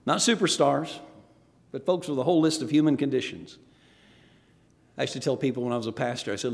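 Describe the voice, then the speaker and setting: A man's voice: mid-range voice, fast, gravelly. A middle-aged man preaching a sermon, telling stories and acting out quoted voices along the way. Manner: storytelling, animated, acts out quoted voices. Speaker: former pastor, missionary speaker. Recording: reverberant hall.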